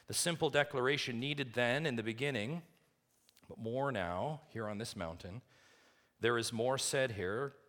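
A male pastor preaching a sermon, swinging from loud, rising emphasis to quiet, low asides and asking the congregation rhetorical questions.

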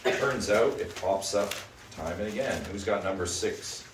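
Low-voiced guy leading bible study, keeps asking the group right?, kinda far off, faint hiss. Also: measured pace. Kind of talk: interactive group Bible teaching. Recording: echoey room, mic at a distance, faint noise.

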